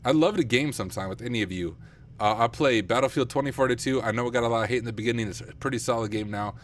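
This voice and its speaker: A young man streaming live at night and thinking aloud as he works, chatty and self-deprecating with viewers, his voice getting rough. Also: mid-range voice, very fast, slight background noise. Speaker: streamer, penetration tester. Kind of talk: casual live-stream talk while working. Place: home computer room at night.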